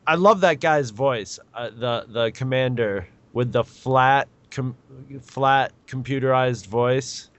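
A man co-hosting a podcast, talking in a rambling, halting way with many restarts. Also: mid-range voice, steady tone. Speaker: podcast co-host. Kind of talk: casual chat.

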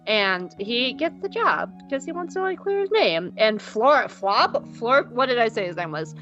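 A woman's voice: fairly high pitch, sing-song, a little slow, a bit bright. A woman co-hosting a podcast who gives a casual, rambling and giggly episode recap, swearing freely. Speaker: podcast co-host. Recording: slightly dull podcast audio, faint music.

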